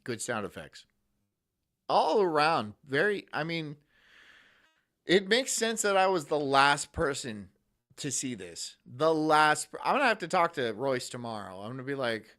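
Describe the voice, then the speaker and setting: Crude sarcastic guy streaming, bright voice, swings all over, music faint behind. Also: a little high, very animated, moderate pace. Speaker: streamer host. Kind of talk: casual live-stream chat. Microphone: studio mic.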